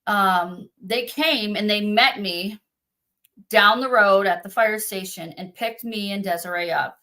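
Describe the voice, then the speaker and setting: A middle-aged woman, a psychic medium guest, telling her story in an interview with animated quoting. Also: measured pace. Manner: animated, acts out quotes in a high voice.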